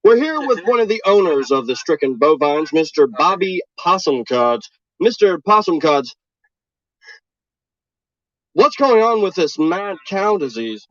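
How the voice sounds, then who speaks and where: A deadpan local TV reporter speaks in a slow, mock-formal broadcast manner, played by a man. His voice sits high, and the clip sounds muffled and dry. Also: no room sound, full character voice. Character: deadpan male TV news reporter. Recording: dull lo-fi clip audio.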